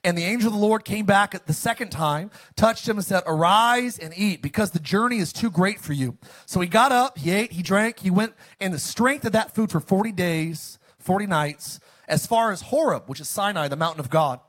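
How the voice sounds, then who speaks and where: Preaching in a high voice at normal speed, a pastor delivers an animated sermon, alternating loud outbursts with quiet lines and inviting the congregation to answer back.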